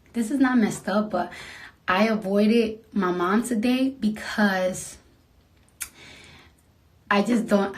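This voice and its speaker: A woman in an emotional, rambling late-night livestream to her fans, speaking softly and trailing off into near-whispers. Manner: soft and low-key, trailing into near-whispers.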